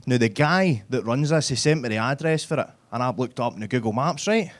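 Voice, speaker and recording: A Glaswegian man does a live stand-up set on a comedy club stage. He talks into a stage microphone in a brash, sweary and chatty way, often tagging his lines with "right?". His pitch sits at a middle level for a man. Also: expressive, brisk.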